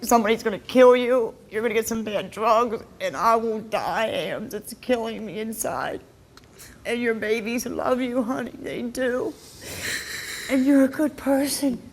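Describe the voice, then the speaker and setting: Woman, middle-aged, emotional, pleading, soft-spoken, fairly high voice. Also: a little slow, breathy edge. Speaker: talk show guest, mother. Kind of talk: emotional on-stage talk.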